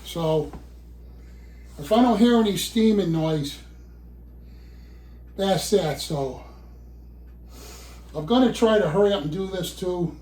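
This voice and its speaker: A man's voice: high-pitched, lively intonation, slow pace, pauses often, mellow. A man rambling and swearing to himself while cooking in his home kitchen, a little out of breath. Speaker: vlogger. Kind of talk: casual cooking vlog.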